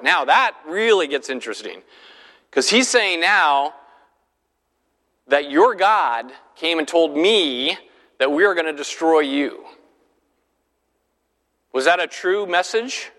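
A man leads a Bible lesson, speaking with a fairly high, lively voice that rises and falls freely. He talks casually and keeps turning to his listeners with questions. His voice rings with a long reverb from a large hall. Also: slow pace, long pauses. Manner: conversational, keeps asking the class rhetorical questions. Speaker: Bible study teacher. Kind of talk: classroom Bible teaching.

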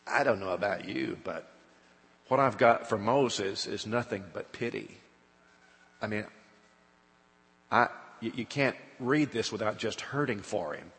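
A man preaching a sermon, retelling scripture and acting out the quoted voices with sudden bursts of loudness. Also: on the low side, unhurried, vocal fry, pauses often. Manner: dramatic retelling, acts out quoted speech with rising loudness. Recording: long hall reverb.

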